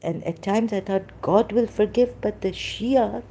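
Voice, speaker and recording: A woman talking alone on a livestream, hesitant and halting, often dropping into whispers. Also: medium pitch, warm tone, breathy edge. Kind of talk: rambling solo livestream talk.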